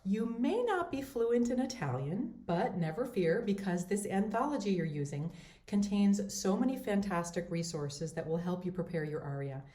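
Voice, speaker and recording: A woman giving a voice lesson as a teacher, explaining step by step in a clear, methodical way. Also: medium pitch, animated, normal speed, dark tone. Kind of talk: instructional voice lesson. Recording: roomy echo.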